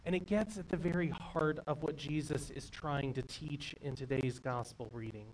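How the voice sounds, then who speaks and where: Preaching man, somewhat high voice, distant. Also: normal speed, a little hiss or hum. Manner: earnest storytelling preaching. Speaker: pastor. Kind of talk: sermon.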